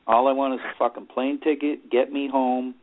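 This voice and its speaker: A middle-aged man from New York spins road stories as an interview guest, rambling and leaning on "you know" between thoughts. His voice sits at an ordinary pitch for a man. It comes through thin and tinny, like a phone line. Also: little pitch movement, moderate pace, a little hiss or hum. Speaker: interview guest, rock singer. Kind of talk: casual storytelling interview.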